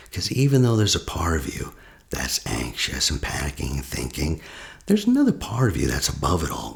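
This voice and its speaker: A man, a therapist, talking a listener through a guided meditation in a slow, soft voice that often drops to a near whisper. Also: very deep voice, gravelly. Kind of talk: guided meditation with teaching asides.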